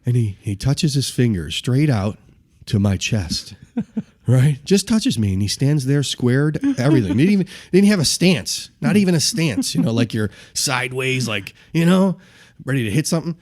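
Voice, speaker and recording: Energetic 40s male co-host from Buffalo, big pitch swings, loose and rough-edged. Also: normal speed. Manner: animated, laughing, rough-and-ready storyteller. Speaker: podcast co-host. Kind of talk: casual storytelling.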